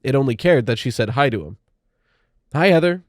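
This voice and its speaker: A man narrating a spooky young-adult audiobook in a steady, measured storytelling manner. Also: mid-range voice, no room sound, clean studio sound.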